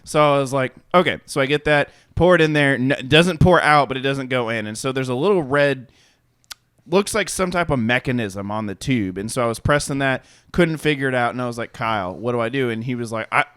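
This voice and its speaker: Talking fairly quickly in a resonant, clear mid-range voice, a young podcast co-host rambles through a story, cursing freely and imitating the people involved. The audio is dry and of studio quality, and the tone is casual storytelling chat.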